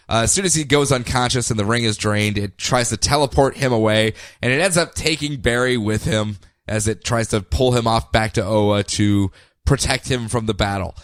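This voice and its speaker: A jokey male podcast host animatedly recaps comics. His voice is mid-pitched and sits close and dry on the mic. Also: a bit bright, dry recording.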